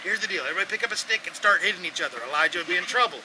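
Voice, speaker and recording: A man preaching an outdoor sermon, telling the story in an animated, sarcastic way and acting out voices. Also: high voice, rapid-fire. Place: outdoors at a campsite. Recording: windy outdoor noise.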